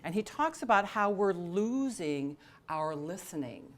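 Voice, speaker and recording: A woman's voice: lowish voice, sing-song, measured pace. Chatty woman leading a workshop. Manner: conversational, frequent fillers and restarts; laughs and jokes with attendees. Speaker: workshop trainer. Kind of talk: interactive training session.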